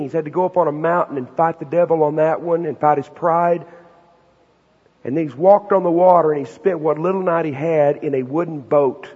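A man preaching a sermon to students in a folksy, animated, slangy storytelling manner. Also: a little high, breathy edge. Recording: dull recording with long hall reverb.

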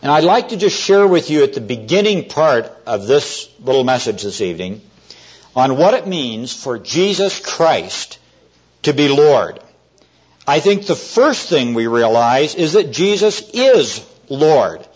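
A man preaching an evening sermon to a congregation, earnest and storytelling, often slowing down to stress key words. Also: medium pitch, sing-song, breathy edge. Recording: dull lo-fi sermon recording.

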